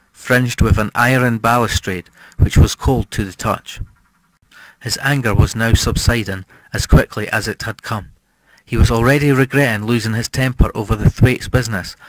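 A man giving a measured, scripted audiobook narration of a horror story. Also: mid-range voice, dry recording, low-quality recording.

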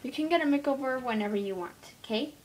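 A woman voicing a sweet, fussy mother pet in a home-made toy pet role-play, who talks gently and calls everyone honey. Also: high-pitched, lively intonation, fast, voice pushed up, low-quality recording. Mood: gentle.

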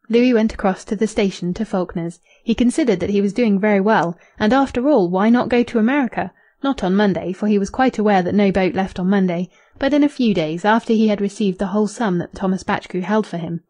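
A woman's voice: medium pitch, warm tone. Woman narrating a classic novel. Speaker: audiobook narrator. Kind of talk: scripted narration.

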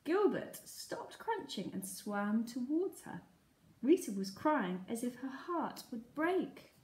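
A woman teacher from England reading a children's story aloud in a lively, expressive way. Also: a little high, slow. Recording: echoey room.

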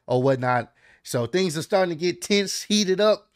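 A man with a slightly high voice chats through a recap in a loose, slangy ramble, piling on fillers as he goes. The sound is dry and close. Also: expressive, moderate pace, dry recording. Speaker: wrestling recap vlogger. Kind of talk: casual recap chat.

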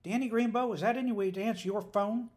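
A man's voice: sits high, animated, quick pace, pitched above the performer's own voice. A man voicing a prim, reproachful middle-aged mother in an audiobook. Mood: prim scolding.

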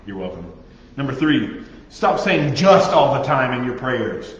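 A man preaching to a youth group, joking and animated, mimicking people's prayers. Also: medium pitch, unhurried. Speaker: youth pastor. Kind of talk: sermon. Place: youth group meeting room. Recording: echoey dull room recording.

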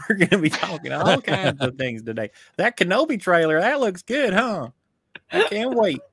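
A man's voice: high voice, big pitch swings, moderate pace, a bit bright, breathy edge, no echo, pitched above the performer's own voice, full character voice. A beaming, friendly Southern reviewer, as a man puts him on, folksy and upbeat. He drawls his greetings in a Southern US accent, and the sound is close and dry. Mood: cheery.

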